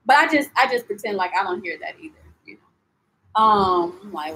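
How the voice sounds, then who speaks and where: A young woman chatting casually in a live-stream travel vlog, animated and full of "like" and "you know", answering viewers as she goes. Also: medium pitch, brisk, a little hiss or hum, rough recording. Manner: reads and answers viewer comments. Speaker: travel vlogger.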